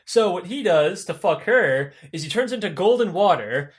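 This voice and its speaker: A high-voiced man tells old myths as a comedy bit on a podcast. He swears freely, stays animated, and slips into silly voices for the characters. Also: moderate pace. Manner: profane, animated, does goofy character voices. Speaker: podcast host. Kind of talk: comic storytelling of myths. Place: podcast studio.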